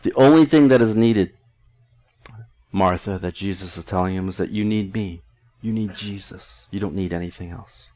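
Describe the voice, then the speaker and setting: A man's voice: low-pitched, normal speed, warm tone. A middle-aged male pastor preaching a conversational sermon in an earnest tone, often restarting his sentences.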